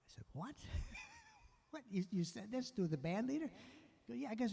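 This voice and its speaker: A man's voice: sits high, moderate pace, vocal fry, long pauses, slightly rough, in a large hall. An older man, a musician host, telling a rambling story casually, breaking off and voicing the people he quotes. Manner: rambling, self-interrupting, quotes others in lively voices.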